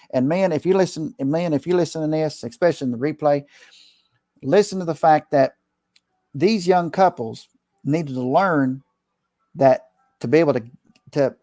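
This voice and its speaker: A man's voice: on the high side, warm tone, no echo, studio quality. A middle-aged man, a preacher, talking earnestly in casual conversation, rambling with restarts and slipping into preachy advice.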